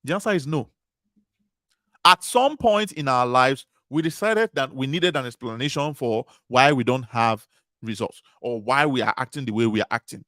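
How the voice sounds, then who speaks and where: A man's voice: medium pitch, a bit bright, dry recording, studio quality. Emphatic man giving a motivational talk. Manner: repetitive, emphatic preaching cadence. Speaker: conference speaker.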